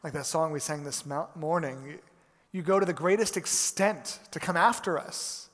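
A man preaching as a pastor, opening with prayer and then telling a story with animated, acted-out quotes in a church. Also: fairly high pitch, normal speed, long reverb tail. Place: church sanctuary.

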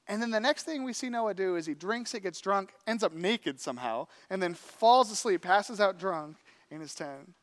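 A man preaching a sermon, telling a story in an animated, conversational way with acted-out quotes. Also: high-pitched, moderate pace. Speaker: pastor.

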